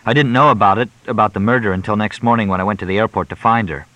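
A man voicing a grieving young government clerk who answers in short, flat, weary replies. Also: fairly low pitch, rapid-fire, no echo, rough recording.

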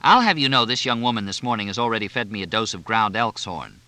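A man voicing a wry young man with a dry, deadpan delivery. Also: fairly low pitch, quick pace, dry recording.

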